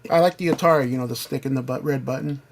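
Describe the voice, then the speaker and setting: A man's voice: mid-range voice, racing. Joking male host, faint background noise. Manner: joking, asks the others questions. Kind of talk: casual chat.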